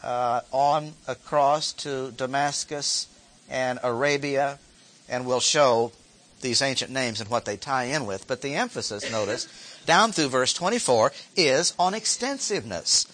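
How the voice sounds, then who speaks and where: A man's voice: medium pitch, unhurried, a bit bright, slight background noise. A man teaching a Bible lesson, reading verses aloud and stopping to explain them with short asides and repeated key phrases. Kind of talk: expository Bible lecture.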